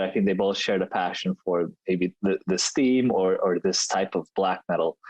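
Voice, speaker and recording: A man's voice: sits low, dry recording, poor audio. A man co-hosting a podcast, chatting casually and rambling through his reviews with frequent restarts. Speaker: podcast co-host.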